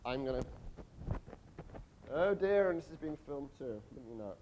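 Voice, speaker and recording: A man's voice: medium pitch, expressive, moderate pace, darkish tone, poor audio. A man from Europe giving a university lecture in a conversational way, with frequent restarts and asides. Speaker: guest lecturer.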